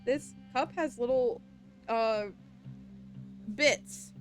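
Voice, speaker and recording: A woman's voice: a little high, very slow, soft background music. A woman streaming a video game in a casual chat, talking to herself and laughing at her own slips.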